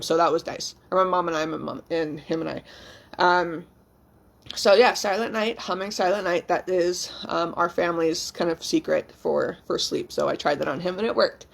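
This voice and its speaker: A young woman vlogging as a new mother, talking candidly and emotionally, rambling with frequent ums and casual swearing. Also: lowish voice. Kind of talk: casual, candid vlog chat.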